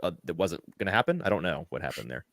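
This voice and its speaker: Fast-talking low-voiced podcast host. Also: male voice, sing-song, a bit bright, dry recording, studio quality. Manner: brisk, keeps the show moving. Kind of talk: live podcast hosting.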